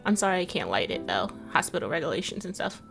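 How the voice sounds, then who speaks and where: A woman's voice: lowish voice, sing-song, fast, vocal fry, music in the background. A woman voicing a kind, earnest young male junior doctor, reading his lines plainly.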